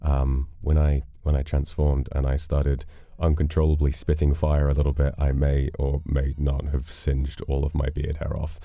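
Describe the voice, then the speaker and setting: An extremely low-pitched man with vocal fry speaks at a moderate pace as he hosts a livestream from the United Kingdom. Reading donations, he chats casually and playfully with viewers, relaxed and given to dramatic flourishes. The audio is dry and dull.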